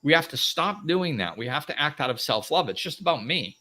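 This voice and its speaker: A man's voice: fairly high pitch, very animated, a little fast, sharp tone. A middle-aged man hosting a live self-help talk, who laughs often and acts out both sides of arguments. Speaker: host.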